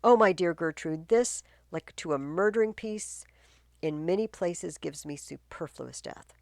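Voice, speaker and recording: A woman's voice: fairly low pitch, unhurried, darkish tone, no room sound, studio quality. A woman reading the part of an anxious, scheming king in commanding declaimed verse.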